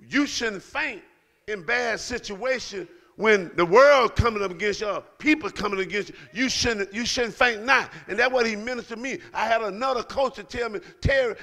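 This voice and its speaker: High gravelly preacher man. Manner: preaching with rising shouts and calls to the congregation. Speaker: pastor. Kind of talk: sermon. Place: church sanctuary.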